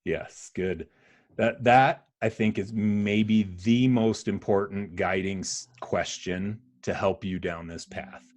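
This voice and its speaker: A man's voice: lowish voice, steady tone, slow pace, a little mellow. A man from the United States co-hosting a casual business podcast, giving practical, encouraging advice and often chiming in with "yeah". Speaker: podcast host.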